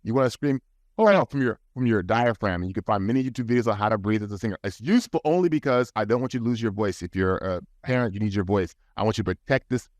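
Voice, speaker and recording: A man's voice: on the low side, quick pace, hardly any pauses, no room sound. A man guest on a podcast, talking in an earnest, advising way with frequent restarts, recorded in a studio. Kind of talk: casual podcast talk.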